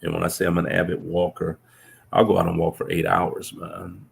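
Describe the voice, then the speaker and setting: A man's voice: little pitch movement, normal speed, slight background noise. A man, a professor, telling reflective stories in a casual conversation, earnest and full of restarts. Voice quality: deep gravelly voice. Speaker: professor, guest.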